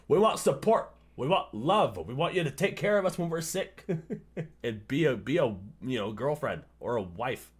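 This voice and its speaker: A man's voice: on the high side, expressive, moderate pace, slightly rough. A man hosting a livestream, reacting casually to a video, swearing often, laughing and ranting. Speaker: livestream host.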